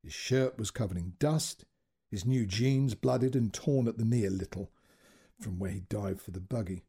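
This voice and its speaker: Husky-voiced man reading a story. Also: fairly low pitch, moderate pace. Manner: expressive, dramatic reading with swings between hushed and raised passages. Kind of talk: scripted story narration.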